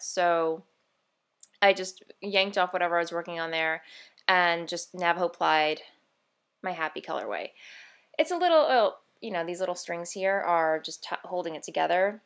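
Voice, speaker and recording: A woman hosting a knitting video podcast, chatting casually and bubbly, rambling with fillers and self-corrections. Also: fairly low pitch. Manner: bubbly and easily excited. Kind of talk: casual show-and-tell vlog.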